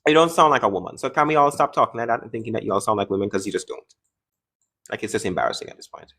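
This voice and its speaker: A man's voice: on the low side, lively intonation, racing, pushed and bright. A man hosting a live-stream debate, taunting and interrupting callers in a combative way.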